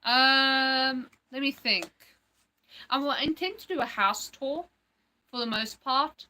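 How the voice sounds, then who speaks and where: A woman's voice: sits high, slow pace, sharp tone, low-quality recording. A woman hosting a casual livestream, chatting in a rambling way full of fillers. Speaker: livestream host.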